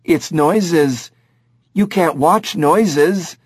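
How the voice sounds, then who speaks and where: A man voicing a gentle, childlike male chimpanzee who talks slowly and simply, with broken grammar. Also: on the high side, breathy edge, no room sound, clean studio sound, pitched above the performer's own voice, heavily acted. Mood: curious.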